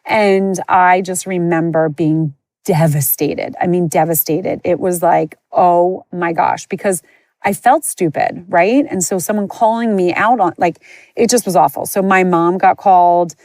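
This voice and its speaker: Low-voiced woman telling her own story. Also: unhurried, darkish tone, no echo. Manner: candid, chatty, frequent "like" and "you know". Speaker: podcast host. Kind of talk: personal storytelling.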